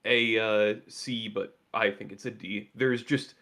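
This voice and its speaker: A man with a fairly low voice co-hosting a live card-game stream. He speaks casually and bluntly, tossing in plenty of "like" as he gives his opinions. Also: fairly even intonation, sharp tone. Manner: quick, blunt opinions with filler "like". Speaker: co-host on a livestream.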